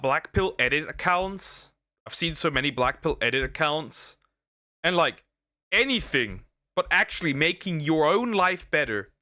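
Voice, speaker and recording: A man's voice: on the high side, pushed and bright, no echo, clean studio sound. A young man streaming a reaction to a video, rambling and joking in slang with many restarts. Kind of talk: casual reaction commentary.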